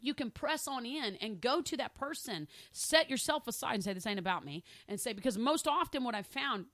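Chatty higher-voiced woman teaching a Bible study. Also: animated, normal speed, fairly bright tone, no echo, clean studio sound. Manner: chatty, checks in with "okay?" and often laughs; acts out little dialogues in other voices. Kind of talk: casual teaching on spiritual gifts.

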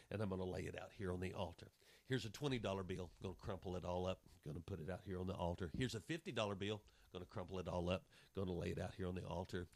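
A man's voice: sits low, vocal fry, darkish tone, dry recording. A man preaching a sermon, passionate and acting out the voices of people in his examples. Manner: impassioned, acts out voices of people and scripture.

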